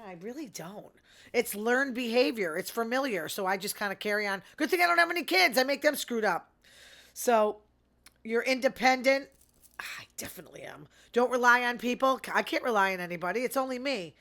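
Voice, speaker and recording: A middle-aged woman hosting her own show, chatting in a rambling, sarcastic way and talking fast. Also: mid-range voice, a bit bright. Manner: fast talker. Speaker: podcast host. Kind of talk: casual solo commentary.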